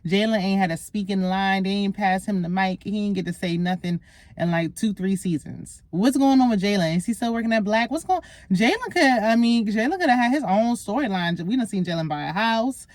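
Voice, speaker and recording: A woman's voice: medium pitch, animated, fairly quick, darkish tone, no room sound. A woman, recapping a reality show in casual, sassy chat straight to her viewers.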